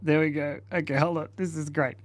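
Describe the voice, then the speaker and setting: A man's voice: fairly high pitch, steady tone, fairly quick. Playful man chatting while drawing. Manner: playful, chatty, often laughing; reads viewer comments aloud. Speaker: livestream host. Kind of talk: casual live-stream chat while drawing.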